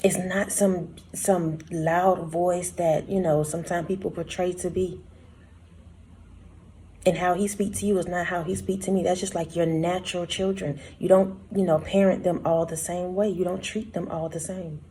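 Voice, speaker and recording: A woman's voice: on the low side, little pitch movement, moderate pace, warm tone, a little hiss or hum. Woman sharing a casual devotional word. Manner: conversational, addresses listeners as y'all and baby. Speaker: prophetic word speaker.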